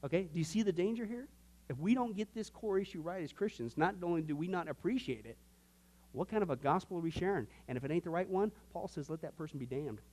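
A man's voice: high-pitched, animated, quick pace, a little mellow. A man teaching an informal Bible class, folksy and joking, often slipping into quoted voices.

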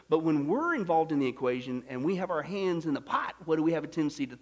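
A male pastor with a notably high-pitched voice delivers an emphatic sermon. He drops to hushed, quiet lines and then rises to loud, shouted emphasis. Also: expressive, fast talker, hardly any pauses.

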